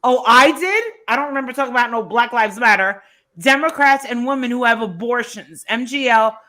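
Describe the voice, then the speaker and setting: A woman's voice: a little high, fairly quick, pushed and bright. A woman on a live stream chat, talking bluntly and ranting with lots of profanity.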